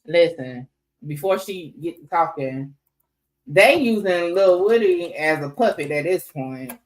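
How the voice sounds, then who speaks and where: A woman's voice: lowish voice, lively intonation, a little slow, low-quality recording. A woman co-hosting a livestream, giving blunt, profane casual commentary full of fillers.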